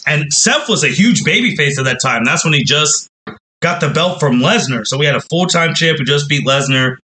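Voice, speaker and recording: A man's voice: fairly high pitch, animated, normal speed, pushed and bright, rough recording. A man hosting a wrestling podcast, recapping in a casual, storytelling way and acting out the fans' reactions as quotes.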